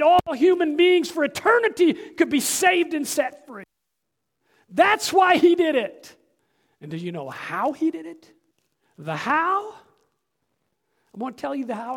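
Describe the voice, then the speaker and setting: A male pastor preaching a dramatic sermon, dropping to a hush and rising to shouts. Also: very high voice, very animated, unhurried, gravelly.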